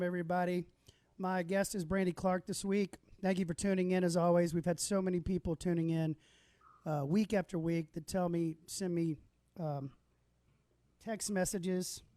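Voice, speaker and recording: A man's voice: high-pitched, fairly even intonation, normal speed, warm tone, dry recording. A man hosting a casual livestream, chatting with a guest and telling stories in an easygoing way. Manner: easygoing storyteller, laughs often. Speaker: host.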